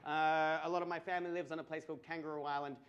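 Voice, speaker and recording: An Australian man doing stand-up storytelling, swearing, stammering through restarts and building to loud punchlines. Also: a little high, level tone, rapid-fire, lo-fi sound. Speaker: stand-up comedian. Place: comedy club stage before a laughing audience.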